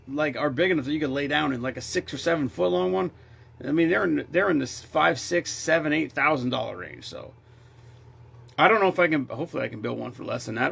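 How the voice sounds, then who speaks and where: A man's voice: a little high, vocal fry, fairly bright tone, husky. A man hosting a casual chat show, talking bluntly and teasing his co-host.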